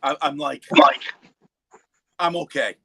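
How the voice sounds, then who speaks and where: On a livestream from his East Coast home, a male panelist spins stories in casual chat, acting out what people said and cursing freely. His voice sits fairly high and moves slowly with vocal fry, an animated, profane storyteller. The recording is rough but has no echo.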